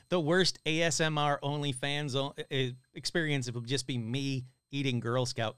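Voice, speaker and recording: A man's voice: medium pitch, a little slow, clear, resonant tone, no echo. A man hosting a live stream, reading listener stories aloud and cracking jokes between them. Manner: animated, joking asides between stories.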